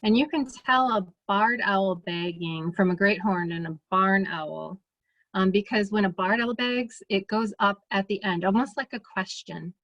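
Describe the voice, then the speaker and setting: A woman's voice: mid-range voice, a little slow, no echo, muffled recording. Chatty Midwestern woman giving a talk. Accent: Midwestern American. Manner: relaxed, chatty, many fillers and restarts. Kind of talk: casual presentation.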